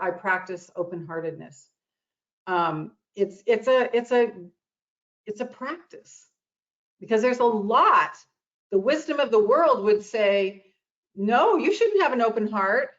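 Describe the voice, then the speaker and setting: A woman's voice: fairly high pitch, lo-fi sound. A woman giving an earnest motivational talk on anxiety, repeating phrases for emphasis. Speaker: guest speaker on self-love and anxiety.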